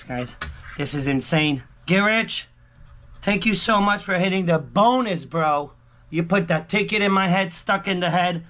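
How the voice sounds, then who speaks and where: A man vlogging a lottery scratch-off, talking excitedly to his viewers, repeating exclamations and swinging from hushed murmurs to yelling. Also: high voice, measured pace, a little hiss or hum. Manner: exclamatory, keeps repeating himself and calling out to viewers. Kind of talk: excited casual vlog commentary.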